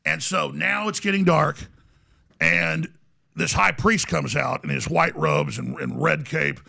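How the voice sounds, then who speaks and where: A man guest on a podcast, telling a story in an excitable way, stumbling and restarting and acting out what people said. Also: fairly high pitch, unhurried, creaky. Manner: excitable, many restarts, acts out quotes. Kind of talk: animated storytelling.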